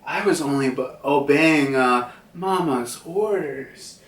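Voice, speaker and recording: A man's voice: a little high, takes it slowly. A man voicing an aloof, haughty female thundercloud who scolds the others. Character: aloof female thundercloud, loyal only to her boss. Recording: roomy, distant from mic.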